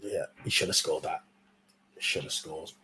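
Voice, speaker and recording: A man's voice: very deep voice, steady tone, normal speed, sharp tone. A man co-hosting a football watchalong, easygoing and agreeable, with some teasing banter. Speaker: watchalong co-host.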